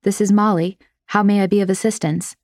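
A woman's voice: mid-range voice, steady tone, a little fast, a little mellow, no echo, studio quality, pitched above the performer's own voice, natural voice. A woman voicing a prim, very polite young woman who speaks formally and precisely.

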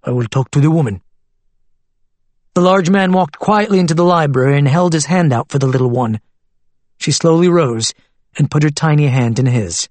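A man narrating an audiobook novel in a steady, even storytelling manner. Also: a little high, moderate pace, no room sound.

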